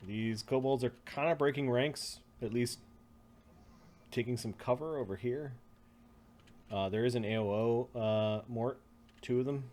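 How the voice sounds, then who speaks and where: A man running a tabletop game as game master, narrating calmly with the odd chuckle. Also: medium pitch, a little slow, long pauses. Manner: relaxed, matter-of-fact with chuckles.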